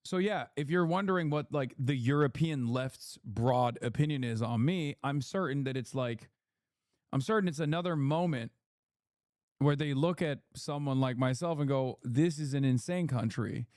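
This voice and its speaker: A man's voice: medium pitch, moderate pace, darkish tone, no echo, clean studio sound. A man streaming political commentary, swearing and ranting as he reads chat and polls. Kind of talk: casual livestream commentary.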